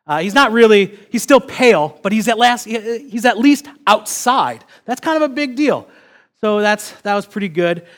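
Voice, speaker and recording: A young man preaching a sermon, telling a personal family story in a relaxed, self-deprecating way. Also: high-pitched, normal speed. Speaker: pastor.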